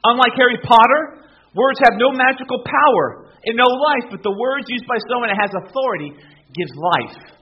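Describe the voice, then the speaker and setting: A man's voice: very high voice, lively intonation, moderate pace, slightly rough, lo-fi sound. A man preaching a sermon as pastor, emphatic and often asking the congregation questions.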